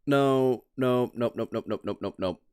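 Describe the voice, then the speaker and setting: A man from the North of England with a Northern English accent, casually chatting on a livestream. He swears freely, laughs often and jumps into high-pitched outbursts. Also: measured pace, a little mellow, smooth, no room sound, clean studio sound. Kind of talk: casual livestream chat, reading and reacting to chat.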